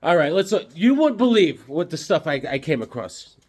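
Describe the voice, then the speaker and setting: Husky guy rambling and cracking jokes, slightly high voice, casual home vlog. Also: very animated, normal speed. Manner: rambling, jokey, loose. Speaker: comic collector vlogger. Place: home with comic cabinets.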